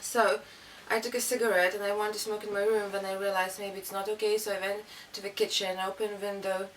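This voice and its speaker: A woman's voice: mid-range voice, little pitch movement, fairly quick. Young woman. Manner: rambling, many fillers. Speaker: interviewee. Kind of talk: casual storytelling. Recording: distant mic, faint room noise.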